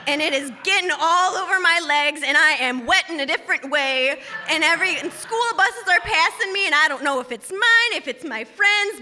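A woman with a high, very bright voice tells a comic personal story on stage. She is animated and self-mocking. The sound carries the long reverb of a big hall.

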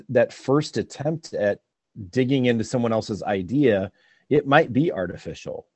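Mellow low-voiced man, dry sound. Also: dry recording. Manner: thoughtful, with frequent restarts and "you know". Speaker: teacher podcast co-host. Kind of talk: casual educational discussion.

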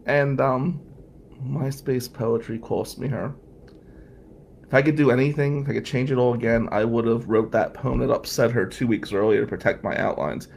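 A man's voice: mid-range voice, fairly even intonation, brisk, gravelly, few pauses, darkish tone, slight background noise. A man in his forties telling a rambling, profane personal story to his viewers in a casual vlog. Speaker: vlogger.

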